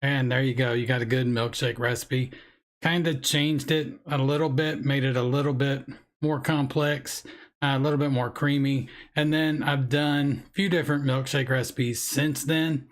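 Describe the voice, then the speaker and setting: A man with a hoarse, froggy voice hosts a live stream, pitched right in the middle for a man. He talks in a loose, rambling, casual way, drifting from one thought to the next. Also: steady tone, normal speed. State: hoarse, frog in throat.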